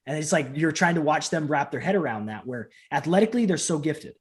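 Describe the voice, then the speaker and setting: A man in his thirties, a professional wrestler and trainer, chatting in an interview from home over a video call and acting out quotes as he tells stories. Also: fast. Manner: animated storyteller acting out quotes with big pitch jumps. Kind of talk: casual interview chat.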